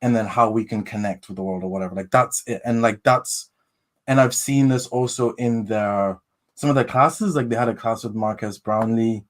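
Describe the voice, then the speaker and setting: A man's voice: fairly low pitch, steady tone, normal speed. Hesitant man rambling in a casual chat. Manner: hesitant, rambling, lots of fillers and restarts. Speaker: podcast guest.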